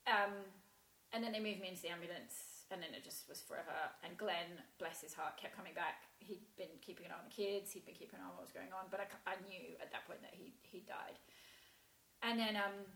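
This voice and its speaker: Woman telling her story, stops and restarts a lot, lower voice, echoey room. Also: creaky, a bit bright. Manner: halting, restarts, frequent "like" and "um". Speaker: guest sharing a personal story. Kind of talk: emotional personal storytelling. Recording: roomy echo.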